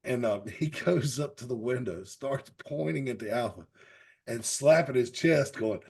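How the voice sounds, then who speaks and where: Gravelly male panelist, animated storyteller who laughs through anecdotes. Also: a little high, takes it slowly. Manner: laughs through stories, acts out quotes. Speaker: panelist on a wrestling talk show. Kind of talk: casual chat, animated storytelling.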